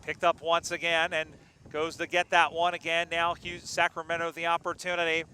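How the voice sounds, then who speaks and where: A man calling an amateur football game live, joking between plays and getting excited on big moments. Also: on the high side, normal speed, a little hiss or hum. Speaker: play-by-play commentator. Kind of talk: live sports commentary.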